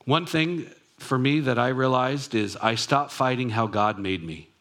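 A man preaching a sermon in a relaxed, conversational way. He reflects on scripture and adds personal asides. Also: mid-range voice, a little slow. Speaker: pastor.

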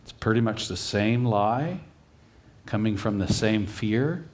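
A man's voice: lowish voice, expressive, takes it slowly, a little mellow. A man preaching a sermon in a conversational way, acting out lines from the scripture passage as he tells it. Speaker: pastor.

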